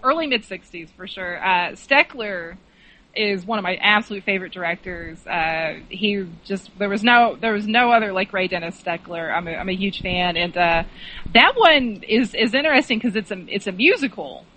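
A woman's voice: mid-range voice, animated, moderate pace, pushed and bright, poor audio. A woman guest in a casual film chat, enthusiastic and rambling with frequent restarts. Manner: enthusiastic, rambling, laughs often.

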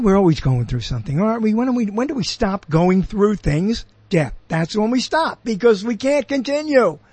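An older man from Brooklyn rambles through a solo monologue as host of his own show. His voice sits high for a man and has a husky grain. He keeps drifting off topic, questioning and correcting himself, and the sound is close and dry. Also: a little mellow, no echo. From Brooklyn, New York.

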